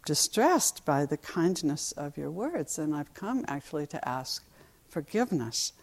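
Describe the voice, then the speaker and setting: A woman voicing an anxious young husband pleading for forgiveness in a told folk tale, in her own low voice. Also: sing-song, a little slow, full character voice. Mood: apologetic.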